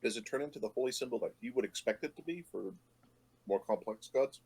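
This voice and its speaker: A man's voice: medium pitch, fast, a little mellow, husky. A man playing a tabletop game, joking and swearing and asking rules questions. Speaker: player. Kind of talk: casual tabletop game play.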